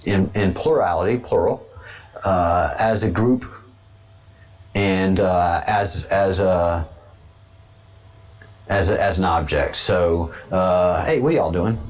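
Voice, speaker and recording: A man's voice: low-pitched, steady tone, slow, long pauses. A man hosting a casual livestream who rambles, repeats himself and restarts sentences often. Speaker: host of a livestream show. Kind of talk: casual political livestream commentary. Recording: dull lo-fi webcam sound.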